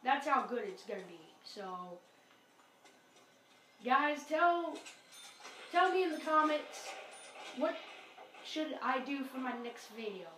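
A woman giving casual commentary over a zombie video game. She talks excitably, often exclaiming and apologizing to her viewers. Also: high voice, slow, pauses often. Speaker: gameplay commentator. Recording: roomy, distant mic, noisy game audio.

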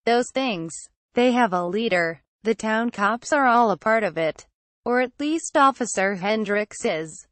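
A weakened, desperate young man held captive, as a woman reader puts him on. He pleads slowly in a plain, even voice, recorded dry and close. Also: on the high side, no room sound. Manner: slow, pleading.

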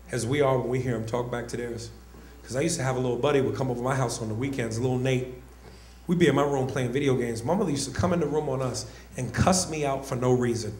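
A man's voice: mid-range voice, echoey room. A man performing a stand-up comedy set, telling stories animatedly on a club stage. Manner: animated storytelling, acts out voices.

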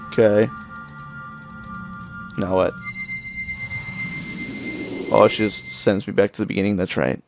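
A young adult man giving casual, profane running commentary on his own gameplay, with sudden excited exclamations. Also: lowish voice, a little slow, gravelly, long pauses. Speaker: let's play gamer. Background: game music.

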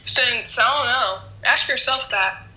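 A woman's voice: fairly high pitch, unhurried, sharp tone, reverberant, poor audio. A young woman on a video chat app, casually teasing a stranger she recognizes.

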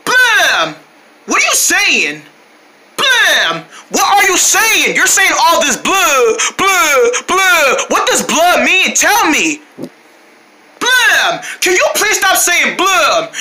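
An excitable, bossy kid , voiced by a woman, in a homemade toy movie. The voice is very high and swings wildly in pitch, and it turns sharp and bright when scolding. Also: slight background noise, full character voice.

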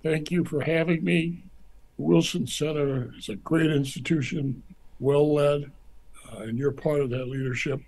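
A man's voice: fairly high pitch, a little slow, low-quality recording. An older American man, a former ambassador, telling anecdotes in an interview and acting out the people he quotes. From United States. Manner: animated storyteller acting out quotes.

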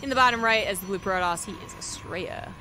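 A young esports caster from Canada, speaking with a General American accent, gives live strategy game commentary and swaps sarcastic jokes with chat. He talks fast in a high, pushed and bright voice, with slight background noise.

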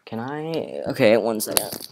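A young man giving casual let's-play commentary from his bedroom, excitable, with panicky outbursts and repeated exclamations. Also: mid-range voice, unhurried, vocal fry, background noise. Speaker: gaming video creator. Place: home bedroom.

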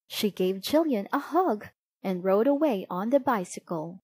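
A woman reading a children's picture book aloud in a slow, expressive storytelling way. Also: medium pitch, husky, dry recording. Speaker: storybook reader.

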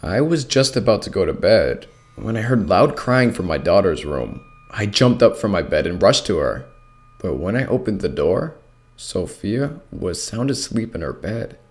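A man reading a first-person horror story aloud with expressive narration. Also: sits low, normal speed.

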